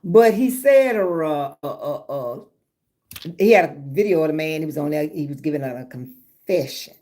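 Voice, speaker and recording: A woman's voice: sits low, moderate pace. A woman, chatting casually with live viewers and telling stories with lots of laughter. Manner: lively storytelling, laughing often, drawling Southern speech. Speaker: livestream host.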